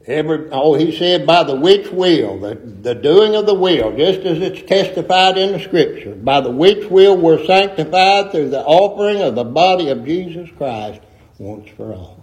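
A man's voice: fairly high pitch, lively intonation, moderate pace, darkish tone, poor audio. A middle-aged man preaching a sermon in a folksy, emphatic way with rustic grammar.

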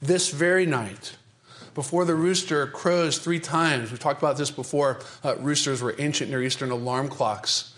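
Preaching in a voice on the high side, this pastor's sermon is dramatic and emphatic, piling up repeated phrases. His pace and volume shift abruptly, from rapid, forceful runs to slow, heavy passages, as he presses the congregation with sharp rhetorical questions.

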